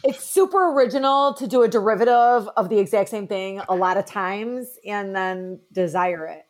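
A woman's voice: mid-range voice, moderate pace. A woman co-hosting a podcast, chatting casually with wry, sarcastic asides. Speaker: podcast co-host.

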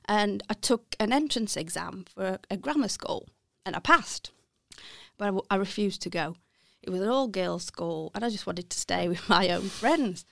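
A woman's voice: medium pitch, lively intonation, moderate pace, creaky, dry recording, clean studio sound. A middle-aged woman with a Birmingham accent, speaking candidly as an interview guest, often correcting herself mid-sentence. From West Midlands, England. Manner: candid, self-correcting, laughs softly. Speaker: interview guest, accounting firm partner. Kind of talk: reflective interview chat.

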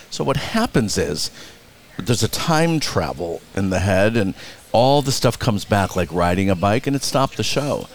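A man being interviewed, telling theater anecdotes in a blunt, animated way, acting out other people's lines and swearing freely. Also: lowish voice. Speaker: Broadway producer and director, guest. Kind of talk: casual interview storytelling.

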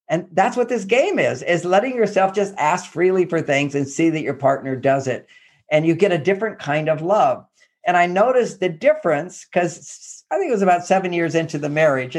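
A man giving relationship advice through lively personal anecdotes, acting out what people said. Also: fairly high pitch. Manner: animated storyteller who acts out quotes. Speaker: guest relationship expert.

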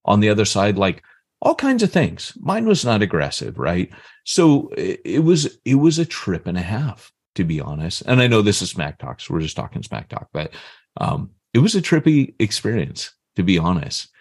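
Deep-voiced fifty-year-old man telling a story. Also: moderate pace, breathy edge, dry recording, studio quality. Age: 50s. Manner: animated, acts out the voices in his story. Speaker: podcast co-host. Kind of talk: casual storytelling.

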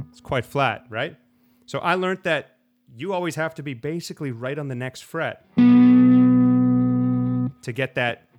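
A man at a middle pitch talking in a relaxed, rambling way about playing guitar. He restarts his sentences often and sometimes acts out little quotes. His delivery is loose and conversational. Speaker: slide guitarist guest. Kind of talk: casual interview talk.

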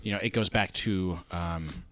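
A middle-aged man co-hosting a casual podcast chat, telling stories with lots of swearing and acting out quotes loudly. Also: deep voice, unhurried. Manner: animated storyteller, swears, acts out shouted quotes. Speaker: podcast co-host.

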